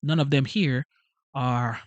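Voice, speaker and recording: A man hosting a live stream, talking in an animated, repetitive way, asking rhetorical questions and reading out chat messages. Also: mid-range voice, slow, dry recording, lo-fi sound. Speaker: channel host.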